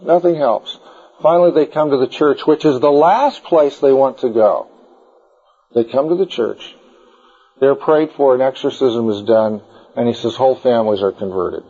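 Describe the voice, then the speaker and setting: A man's voice: medium pitch, moderate pace, dark tone, breathy edge. A man teaching a group about the Bible in an informal, digressive style, full of anecdotes, in a dull lo-fi recording.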